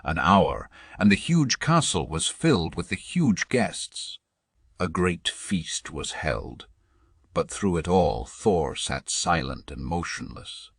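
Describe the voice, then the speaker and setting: Slow, deep-voiced male audiobook narrator. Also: sing-song, gravelly, slightly rough, no room sound, studio quality. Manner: measured, dramatic reading. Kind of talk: storybook narration.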